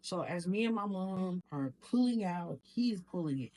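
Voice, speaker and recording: A woman's voice: lowish voice, lively intonation, unhurried, dark tone, slight background noise, poor audio. A woman vlogger telling her own story in a raw, emotional and profane way, while making juice at home. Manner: raw, emotional, profane retelling, acts out quotes. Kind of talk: candid personal storytelling.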